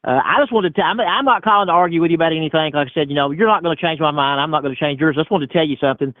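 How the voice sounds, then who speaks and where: A man's voice: a little high, very fast, no echo. A man calling into a live chat, rambling and repeating himself. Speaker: caller. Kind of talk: phone call-in chat. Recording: dry tinny phone line.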